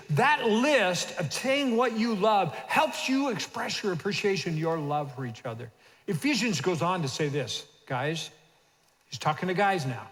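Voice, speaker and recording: A man's voice: high-pitched, a bit bright. A man in his sixties preaching a sermon and urging the congregation to repeat phrases after him. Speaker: pastor. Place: church sanctuary. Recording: long reverb of a church hall.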